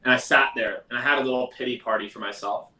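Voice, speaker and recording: A man hosting a live sales question-and-answer stream in a casual, energetic, conversational way. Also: fast. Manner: energetic, conversational, mimics others in a high voice. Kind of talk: casual livestream talk. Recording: roomy echo, mic at a distance.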